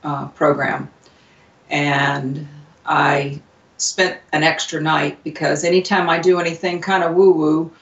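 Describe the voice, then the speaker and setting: Slow, earnest woman telling her story. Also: low voice, little pitch movement, fairly bright tone. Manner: earnest, halting, many fillers and restarts. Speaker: radio show guest. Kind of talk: personal storytelling in an interview. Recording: distant, roomy, dull lo-fi sound.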